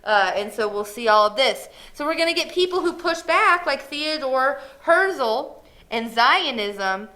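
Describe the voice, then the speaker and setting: A woman's voice: high-pitched, lively intonation, unhurried, pushed and bright. A woman history teacher giving a casual, chatty classroom lecture. She often acts out quoted lines in a playful way. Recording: echoey classroom.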